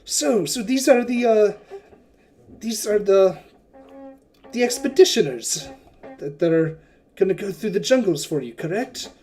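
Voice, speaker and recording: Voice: mid-range voice, animated, a little slow, long pauses, voice pushed up, natural voice. A game master voicing an outspoken, effusive male merchant prince in a tabletop game. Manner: loud, grand welcoming speeches. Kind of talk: tabletop game role-play.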